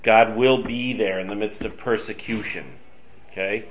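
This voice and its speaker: A man's voice: on the low side, steady tone, normal speed, slight background noise. A middle-aged man leading a casual Bible study, chatty and reading scripture aloud with emphasis. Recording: dull lo-fi sound.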